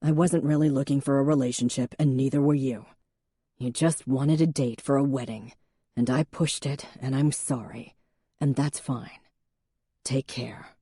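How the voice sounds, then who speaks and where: Narrator plays a haunted man, forceful then low. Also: fairly even intonation, moderate pace, breathy edge, no echo, clean studio sound, exaggerated voice. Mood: quiet. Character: angry, haunted man who then goes quiet.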